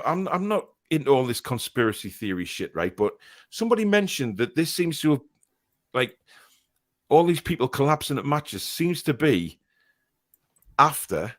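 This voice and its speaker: A man's voice: mid-range voice, no echo, clean studio sound. A man hosting a casual fan podcast live stream, chatting and reading out viewer messages with plenty of fillers.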